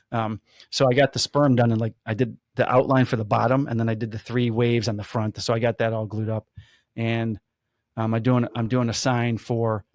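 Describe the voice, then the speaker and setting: Animated man telling stories. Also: medium pitch, dry recording, studio quality. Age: 50s. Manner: animated storyteller, acts out quotes. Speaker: podcast host, police officer. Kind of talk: casual storytelling chat.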